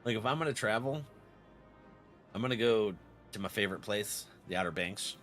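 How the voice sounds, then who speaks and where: A man's voice: moderate pace, faint music behind. A man streaming a game, chatting casually with his viewers and reading their messages aloud, laughing often. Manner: chatty, reads chat aloud, laughs often, lively swings in pitch.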